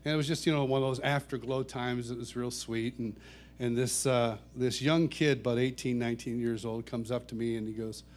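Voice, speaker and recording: A middle-aged man, a worship songwriter, telling personal stories to a church audience in a warm, chuckling, self-deprecating way. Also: mid-range voice, fairly even intonation, a little fast, slight background noise. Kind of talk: anecdotal storytelling talk.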